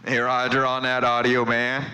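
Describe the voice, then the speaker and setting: A man's voice: medium pitch, completely flat delivery, normal speed, noisy background. A man chatting on CB radio from his home station, friendly and repeating his call sign and sign-offs. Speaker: CB radio operator. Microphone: CB radio microphone.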